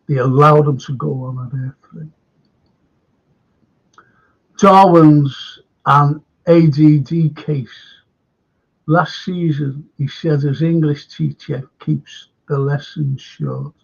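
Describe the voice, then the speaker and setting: A man's voice: fairly high pitch, steady tone, slow pace, vocal fry, pauses often, breathy edge, highs cut off. A man, hosting a casual football chat, blunt and opinionated, chuckling at his own jokes. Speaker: host.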